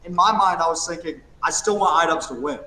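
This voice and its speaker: A man's voice: a little high, brisk, bright, forceful tone, reverberant, slight background noise, rough recording. A man chatting casually on a podcast, earnest and a bit hesitant. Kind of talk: casual chat.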